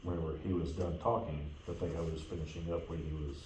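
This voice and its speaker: A man adding quick, offhand remarks in casual chat. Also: rumbling low, little pitch movement, warm tone, a little hiss or hum. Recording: echoey room, far from mic.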